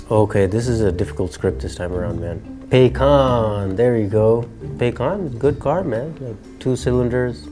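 A man's voice: medium pitch, moderate pace, mellow, soft background music. A man hosting a year-end commentary show, wry and sermonizing with jokey asides. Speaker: show host.

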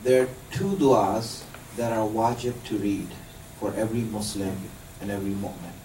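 A lowish-voiced religious teacher talks at a normal speed to a live group, patiently explaining and quizzing his listeners. The background is noisy, the room echoes, and the mic is distant.

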